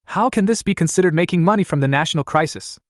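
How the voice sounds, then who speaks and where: A man's voice: a little high, animated, fast talker, no room sound, studio quality, pitched above the performer's own voice. A man voicing a stern, sarcastic middle-aged mother.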